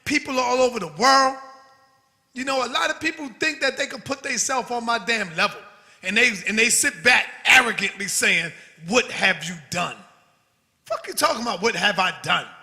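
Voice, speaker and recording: A man with a strikingly high, sharp voice rants defiantly to his channel's viewers, swearing freely. The recording carries a long echoey reverb. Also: brisk. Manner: forceful, defiant, profane. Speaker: channel host. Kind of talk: heated livestream rant.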